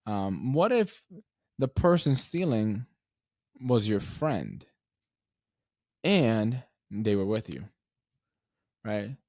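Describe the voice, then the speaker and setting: A man's voice: lowish voice, big pitch swings, drawn-out words, long pauses, darkish tone, no echo, studio quality. Casual man hosting a solo podcast. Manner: conversational, fillers like "right?" and "um", asks listeners questions. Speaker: podcast host.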